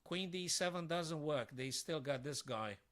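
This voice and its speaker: Excitable man thinking aloud over chess. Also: on the high side, unhurried. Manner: thinks aloud, talking to his viewers; excitable, with sudden frustrated outbursts. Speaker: chess streamer. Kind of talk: live-streamed chess puzzle commentary.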